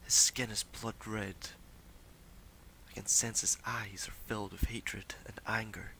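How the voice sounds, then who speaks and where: A man voicing a male seer who tells a vision in a slow, solemn whisper, as whispered role-play. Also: fairly low pitch, flat delivery, heavily acted, poor audio. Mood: ominous. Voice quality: hushed, breathy whisper.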